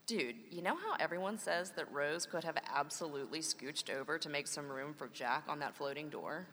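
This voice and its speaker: A woman in her thirties, a mother and co-host, trades wry, playful lines in a scripted conversational read. Her voice is bright and forward, pitched on the lower side. A long hall-like reverb trails each phrase. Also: moderate pace.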